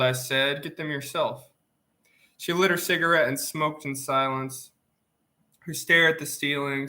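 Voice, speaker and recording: A man reads a novel aloud in plain, steady first-person narration. His voice is bright and clear-toned, though sniffly from allergies. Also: fairly high pitch. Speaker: audiobook reader.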